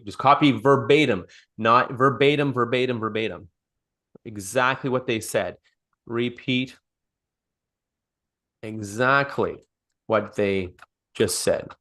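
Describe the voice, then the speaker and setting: A man leads a live sales coaching call in an unscripted, off-the-cuff way. He often restarts and repeats his phrases, and he acts out lines of sample dialogue as he goes. His voice sits at an ordinary middle pitch. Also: measured pace, pauses often, fairly bright tone. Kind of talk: live online coaching session.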